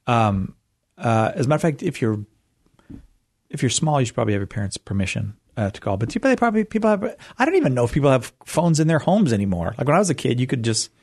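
A man's voice: fast talker, breathy edge. A middle-aged man hosting a radio call-in show, talking casually with lots of fillers and restarts. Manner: hesitant, many fillers, rises in pitch when animated. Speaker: radio host.

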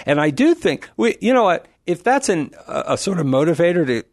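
A man answering callers on a call-in radio show in an animated, preacherly way, quick to laugh. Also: high-pitched, no echo, studio quality. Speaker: Catholic apologist radio guest.

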